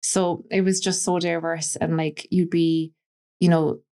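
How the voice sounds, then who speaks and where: A woman's voice: lowish voice, flat delivery, measured pace, dark tone. A woman from West Cork with an Irish accent, a stylist chatting as a podcast guest and telling anecdotes full of "like" and "you know". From Ireland, West Cork. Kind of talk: casual interview storytelling.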